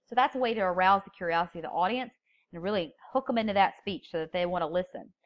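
A woman instructor lectures on public speaking at a medium pitch. She reads example lines with marked stress on key words. The recording sounds dull and lo-fi. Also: quick pace.

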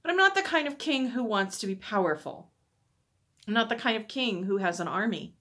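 A woman reading a calm, gentle teacher. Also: mid-range voice, brisk. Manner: calm, explaining. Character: calm, gentle adult male teacher, quietly sure.

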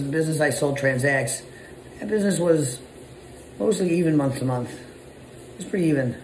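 A man's voice: fairly high pitch, roomy sound, slight background noise, low-quality recording. A man, a business owner, giving a blunt, casual motivational monologue full of swearing. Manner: blunt, profane, conversational.

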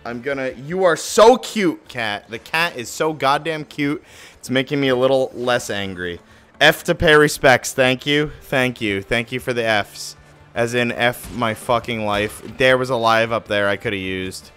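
A man live streaming a game from home, ranting and cursing, swinging between shouts and muttering. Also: mid-range voice, a little slow, faint music behind. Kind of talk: profane rant-style game commentary.

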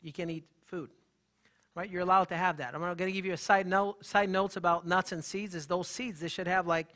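A man, a holistic health practitioner, gives an animated, emphatic live talk and banters with the audience in the room. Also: high voice, fairly quick.

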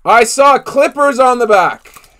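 A man's voice: extremely high pitch, animated, slow, fairly bright tone. A man from Canada hosting a live card break, chatting casually with viewers, laughing often and thinking aloud with fillers.

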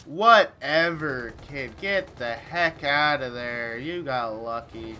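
A man giving live commentary while playing a shooter game, excitable and taunting the opponents as he plays. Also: medium pitch, takes it slowly. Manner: trash-talking, excitable, talks to opponents. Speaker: gamer. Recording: loud game gunfire behind voice. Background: game gunfire and effects.

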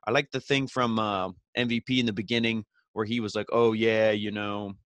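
A man's voice: medium pitch, a little fast, a bit bright, no echo. A young man recapping a wrestling show in a loose, rambling way, full of fillers and swearing. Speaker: podcast host reviewing wrestling. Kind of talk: casual recap.

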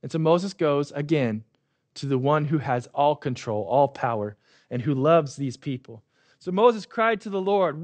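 A man's voice: fairly high pitch, animated, moderate pace. A man preaching a sermon as pastor, conversational and often checking in with "right?".

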